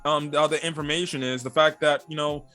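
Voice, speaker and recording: A man's voice: fairly high pitch, level tone, a little fast, pushed and bright. A man giving a casual, rambling review of an anime episode, full of fillers and loose asides. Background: faint background music.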